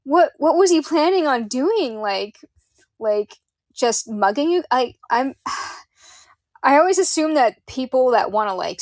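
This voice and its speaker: A woman's voice: medium pitch, no echo, clean studio sound. A woman hosting a podcast interview, reacting with astonishment and thinking aloud in a casual chat. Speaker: podcast host.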